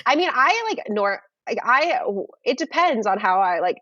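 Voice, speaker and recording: A young woman telling a dating story in casual conversation on a video call, animated and full of fillers. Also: a little high, normal speed, dry recording, lo-fi sound. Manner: animated, many fillers and restarts. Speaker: guest.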